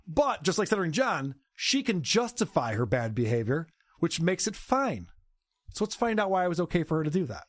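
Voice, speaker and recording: Animated, sarcastic male podcast host. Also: on the high side, a little fast, no room sound, studio quality. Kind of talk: commentary on clips.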